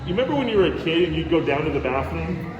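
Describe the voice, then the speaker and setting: A man's voice: a little high, racing, echoey room, highs cut off. A man, a hotel manager, telling a ghost story in casual chat, acting out what people said and saying bro and dude. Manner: animated, acts out quotes, says bro and dude.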